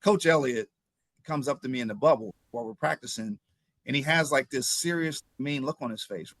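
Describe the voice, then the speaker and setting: A former pro football player from Ohio, a man in his fifties, recounts his journey as an interview guest. He speaks briskly at a medium pitch, tells the story with animation, and often repeats words, with no echo on the recording.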